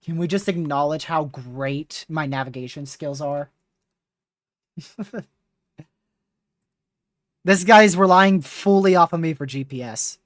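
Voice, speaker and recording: A woman giving lively live-stream commentary while guiding a storm chaser, often laughing and talking to her chat. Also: low-pitched, takes it slowly, pauses often, no echo, clean studio sound.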